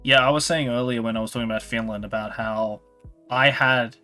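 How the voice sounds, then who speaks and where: A man's voice: medium pitch, steady tone, brisk, bright, forceful tone, faint music behind. A young man with an Australian accent, chatting casually as a stream host, rambling with fillers and restarts. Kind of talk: casual chat.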